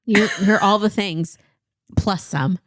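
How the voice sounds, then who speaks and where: A woman's voice: medium pitch, slow pace, dry recording, studio quality. A woman in her forties co-hosting a podcast in casual chat, laughing often and mimicking old slang in playful voices. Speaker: podcast co-host.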